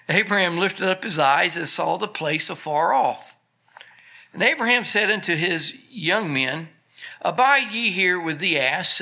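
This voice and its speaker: A man preaching a sermon, reading scripture aloud with slow emphasis and then explaining it in a casual, conversational way. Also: sits high, pushed and bright.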